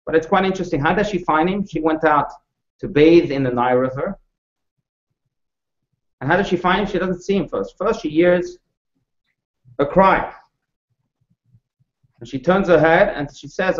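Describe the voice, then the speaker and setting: Male rabbi, storytelling lecture, expressive, slightly high voice, echoey room. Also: moderate pace, long pauses. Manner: expressive, with wide swings in pitch and loudness; asks the audience questions. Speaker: rabbi teaching a class. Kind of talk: storytelling lecture to a live audience. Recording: echoey room, dull lo-fi sound.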